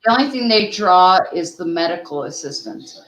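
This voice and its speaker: A woman's voice: fairly low pitch, animated, normal speed, a bit bright, reverberant, poor audio. A woman chatting casually on a livestream at home, talking through earbuds, laughing and scolding a playful puppy. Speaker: livestream co-host.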